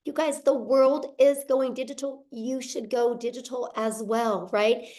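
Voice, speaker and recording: Upbeat woman hosting with a mellow tone. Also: fairly high pitch, fairly even intonation, a little slow. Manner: upbeat, keeps saying "you guys". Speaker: webinar host. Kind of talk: sales pitch to online viewers.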